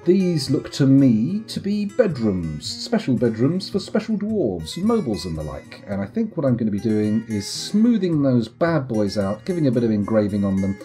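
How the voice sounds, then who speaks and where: A man's voice: lowish voice, mellow. A young British man streaming a game, rambling and joking at his own expense in casual commentary. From United Kingdom. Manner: rambling, self-mocking, joking. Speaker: live streamer.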